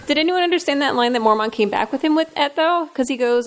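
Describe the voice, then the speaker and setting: A woman co-hosting a casual chat, thoughtful and quick to laugh. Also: sits high, lively intonation, a crowd in the background.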